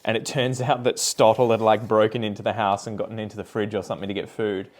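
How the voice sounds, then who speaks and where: A man's voice: lowish voice, quick pace. Rambling Australian man doing plant chores. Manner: rambling, relaxed, swears casually, talks while working. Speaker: plant vlogger. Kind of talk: casual chatty commentary while doing chores.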